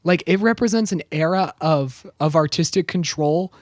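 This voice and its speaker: A man's voice: on the high side, normal speed, dry recording, clean studio sound. A man with a strained voice, recapping a film plot with sarcastic asides and laughter in a casual podcast chat. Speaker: podcast co-host.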